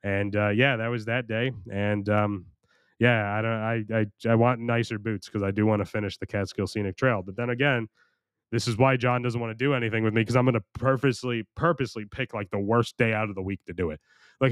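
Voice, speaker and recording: On his solo podcast, this young American host rambles, gets crude and mocks himself, frequently starting over; his voice sounds strained and worn from recording. It's a lowish voice with fairly even intonation, fairly quick and clean-toned. The recording is dry with clean studio sound.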